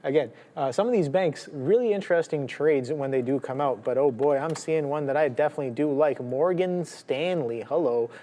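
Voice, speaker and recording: A man's voice: fairly high pitch, moderate pace, hardly any pauses, warm tone. A man co-hosting a live trading show, listing upcoming earnings names with lots of fillers. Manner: rambling, lists tickers with many fillers. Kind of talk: live market commentary.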